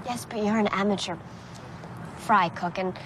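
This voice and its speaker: An actress playing a proud young fry cook in a TV clip, speaking in a matter-of-fact, slightly smug way. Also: female voice, mid-range voice, moderate pace, background noise, close to an everyday voice.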